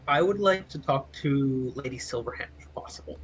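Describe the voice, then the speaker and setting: A man playing his character in a tabletop game, formal and halting. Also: mid-range voice, lively intonation, slightly rough, rough recording. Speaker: player.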